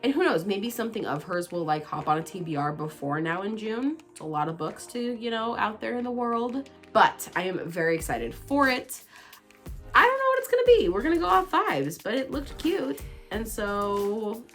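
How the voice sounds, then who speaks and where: A woman vlogging about books in an excitable, chatty way, teasing herself as she goes. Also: medium pitch, normal speed, hardly any pauses, soft background music. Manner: bubbly, excitable, self-teasing. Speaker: book vlogger. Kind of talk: casual chatty book talk.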